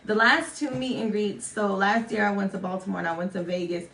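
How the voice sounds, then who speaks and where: A woman's voice: fairly even intonation, brisk, creaky, a bit bright. A young woman telling a story to camera in a casual, chatty way, often swearing and mocking herself. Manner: chatty, swearing, self-mocking, acts out quotes in high voices. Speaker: vlogger. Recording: echoey room.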